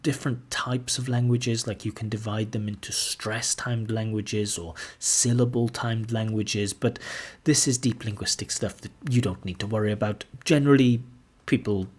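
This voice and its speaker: A man teaching a lesson as a language examiner, explaining patiently and saying example sentences aloud. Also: lowish voice. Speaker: IELTS examiner teaching pronunciation.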